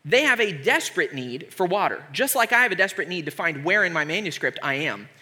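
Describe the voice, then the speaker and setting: A male preacher in his thirties, giving a comedic sermon with sarcastic asides. His high, bright voice leaps up and down lively, pushing each joke forward. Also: fairly quick. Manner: animated, joking, sarcastic.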